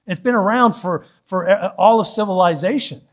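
A man's voice: high voice, normal speed. A male pastor preaching a sermon in church, teasing the congregation and building to fervent calls.

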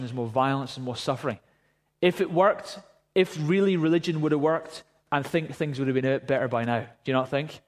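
A man preaching a sermon, telling a story and then praying fervently. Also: a little high. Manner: storytelling, rising to fervent prayer. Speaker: pastor.

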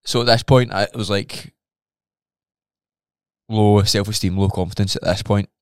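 A Scottish man with a low-pitched, smooth and resonant voice talks in a candid podcast conversation. He tells his story openly and with feeling, swearing freely. The sound is close and dry. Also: steady tone, normal speed, no room sound. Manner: open, emotional storytelling with frequent swearing. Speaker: podcast co-host.

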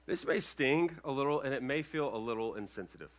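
A male pastor preaching a sermon to his congregation, earnest and emphatic, with loud peaks and quiet asides, checking in with the room. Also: medium pitch, expressive, fairly quick. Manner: addresses the congregation with checking questions. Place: church sanctuary, speaking over a sound system.

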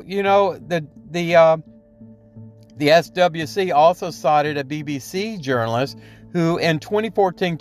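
A man with a slightly raised voice holds forth alone on his podcast, rambling and indignant. He keeps checking in with "okay?" and stumbles through fillers and restarts, with faint music under him. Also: a little high. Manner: rambling, tags points with "okay?". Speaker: podcast host. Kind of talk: solo opinion commentary.

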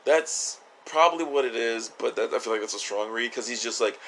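A man's voice: mid-range voice, fairly quick, few pauses, a bit bright, slight background noise. A man co-hosting a podcast, chatting casually about a TV episode, jokey, swearing and laughing often. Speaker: podcast co-host. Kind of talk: casual chat reviewing a TV episode.

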